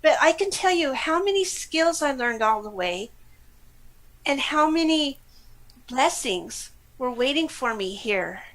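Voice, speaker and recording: A middle-aged woman from California with a high voice tells her own story in an interview. She talks in a lively, animated way, with frequent laughs and exclamations. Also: measured pace, rough recording. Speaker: guest. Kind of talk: casual personal storytelling.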